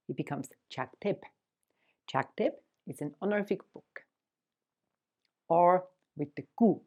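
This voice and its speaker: A woman teaching a language lesson in a gentle, patient, encouraging way. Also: on the low side.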